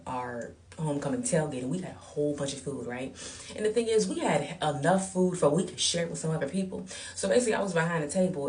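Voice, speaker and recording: Woman, low voice, storytime rant, blunt, profane, emphatic, a bit far from the mic. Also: darkish tone. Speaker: vlogger. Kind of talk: ranting storytime.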